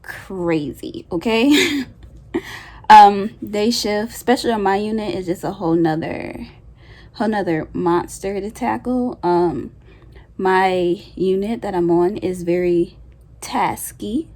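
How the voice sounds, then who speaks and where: A woman's voice: mid-range voice, slow pace, darkish tone. Young woman vlogger, casual and emotional, mid-range voice, lots of "like". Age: young adult. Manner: chatty, emotional, frequent "like" fillers. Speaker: new grad nurse vlogger. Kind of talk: casual storytime vlog.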